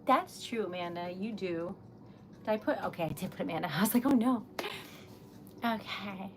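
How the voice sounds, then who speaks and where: A young woman poet chatting casually with livestream viewers, soft-spoken and giggly as she types. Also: medium pitch, fairly quick, background noise. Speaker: poet livestreaming while typing. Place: indoors at a desk with a typewriter.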